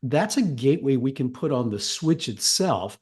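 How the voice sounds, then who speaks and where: A man's voice: mid-range voice, lively intonation, moderate pace, darkish tone. A man presenting a technical networking webinar, explaining step by step and often asking "right?". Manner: explanatory, frequent "right?" check-ins. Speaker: guest presenter.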